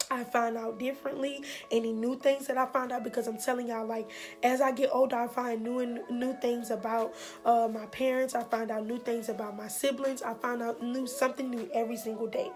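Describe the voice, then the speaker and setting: A woman's voice: on the high side, flat delivery, moderate pace, a little mellow, faint music behind. A young woman telling a heartfelt storytime vlog in an earnest, encouraging way, repeating phrases for emphasis. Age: young adult. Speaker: vlogger.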